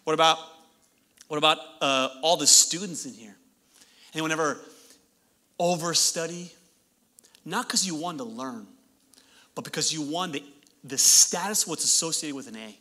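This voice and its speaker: Man, pastor, sermon, very bright forceful voice, slightly high, animated with joking asides. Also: normal speed, long pauses.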